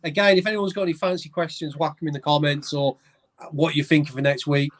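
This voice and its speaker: Male co-host, casual and reassuring; steers the show; slightly high pitch. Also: flat delivery, fast talker. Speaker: stream co-host. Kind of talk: casual live-stream chat.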